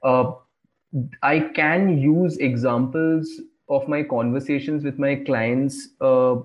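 A man's voice: mid-range voice, fairly even intonation, takes it slowly, muffled recording. A man, an illustrator and corporate trainer chatting in a casual podcast, rambling with many fillers and restarts.

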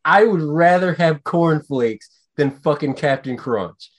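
A man co-hosting a podcast in casual chat, ranting with profanity and getting animated. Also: fairly high pitch, measured pace. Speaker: podcast co-host.

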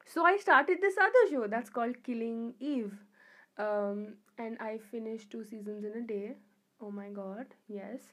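Chatty young woman, higher voice. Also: a little slow. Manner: chatty, rambling, effusive. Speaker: vlogger. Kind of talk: casual chat to camera.

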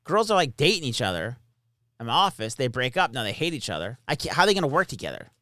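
A man's voice: medium pitch, quick pace, no room sound, studio quality. A man casually telling stories from his time as an army captain, swearing freely and quoting the people involved. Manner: profane, animated, quotes people in his stories. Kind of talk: casual storytelling chat.

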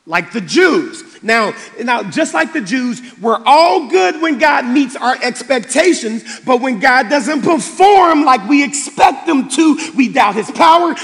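A male pastor preaching a sermon with passion, swinging between loud outbursts and quiet, subdued stretches. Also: extremely high pitch. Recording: long reverb of a large hall.

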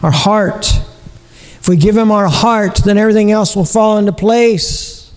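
A high-voiced man preaches as pastor, earnest and a little slow, repeating his points and posing rhetorical questions. His tone is darkish and clean, and a long reverb from the church hall trails his words.

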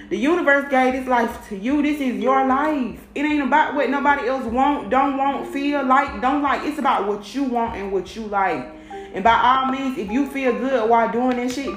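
A woman talking straight to her audience in a casual rant, blunt, emphatic and full of swearing. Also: on the high side. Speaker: vlogger. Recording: roomy echo with faint music.

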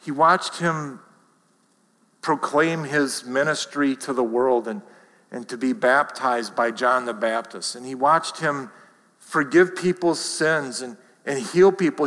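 A man's voice: fairly high pitch, fairly bright tone. A man preaching a sermon as pastor, conversational and self-deprecating, asking the congregation rhetorical questions. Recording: reverberant hall.

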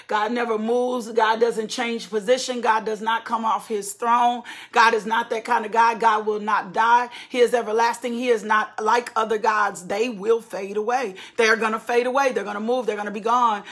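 Fervent woman preacher with husky voice. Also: on the high side, fairly bright tone. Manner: fervent, repetitive preaching cadence with call-and-response. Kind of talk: sermon.

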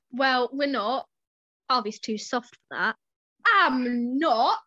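A woman's voice: fairly high pitch, a bit bright, no echo, highs cut off. A young woman co-hosting a podcast, reading a story aloud casually and breaking off to giggle and joke.

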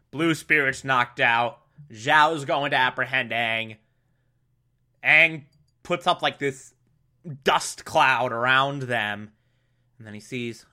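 A man's voice: mid-range voice, takes it slowly, long pauses, bright, forceful tone. A man giving a casual, enthusiastic spoken review of a cartoon episode, rambling and breaking off mid-thought. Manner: enthusiastic, rambling, self-interrupting. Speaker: show reviewer.

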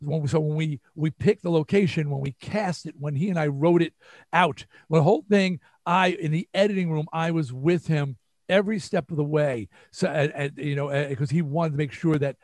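A man's voice: on the high side, normal speed, dry recording, clean studio sound. An older man with a New York accent, telling stories as an interview guest and acting out what people said. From New York area. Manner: animated, acts out quotes. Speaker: guest musician. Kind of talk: storytelling interview.

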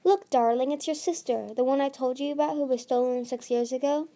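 A woman's voice: sits high, brisk, mellow, pitched above the performer's own voice. A woman reading aloud, voicing a regal, emotional sea dragon queen who dotes on her daughters and threatens her enemies. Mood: doting. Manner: gushing, doting, then menacing.

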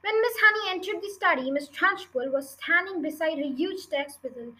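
A young woman reads a chapter of a novel aloud in a high, bright voice. Her reading is casual, with small stumbles and quick restarts along the way. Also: animated, low-quality recording. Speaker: reader of a book podcast.

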